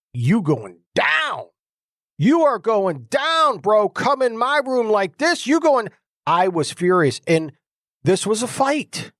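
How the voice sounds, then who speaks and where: A middle-aged man telling his personal deliverance testimony in a casual, animated way, dropping slang like bro and dude. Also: a little high, no room sound, studio quality. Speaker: exorcist sharing his testimony.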